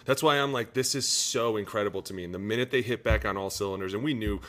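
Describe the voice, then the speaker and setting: Loud, profane former lineman. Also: on the low side, fast talker. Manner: animated, profane, breaks into loud impressions. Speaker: podcast co-host, former pro lineman. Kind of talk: casual sports chat.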